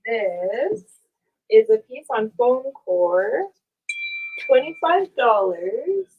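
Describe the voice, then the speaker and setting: A woman hosting a live art auction, presenting each piece and its opening bid in a brisk, casual way. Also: fairly high pitch, very animated, breathy edge, phone-quality sound. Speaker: auction host.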